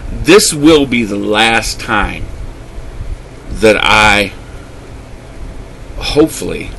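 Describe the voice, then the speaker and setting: Man ranting to camera, bright forceful voice, swearing, faint background noise. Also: fairly low pitch, low-quality recording. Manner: heated, swearing, voice rising and dropping. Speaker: vlogger. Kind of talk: angry emotional rant to camera.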